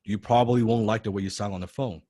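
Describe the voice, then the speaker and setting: A man's voice: on the low side, fairly even intonation, fast talker, mellow, dry recording. Emphatic male sales coach, dry sound. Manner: emphatic, repeats key phrases, acts out phone calls. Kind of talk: live sales training class.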